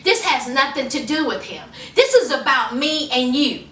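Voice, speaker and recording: A woman's voice: high-pitched, expressive, normal speed, a bit bright, recorded from a distance, slight background noise. A woman imitating an upset young man who complains that he has been treated with disrespect. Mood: hurt. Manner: hurt, scolding. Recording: roomy echo, off-mic.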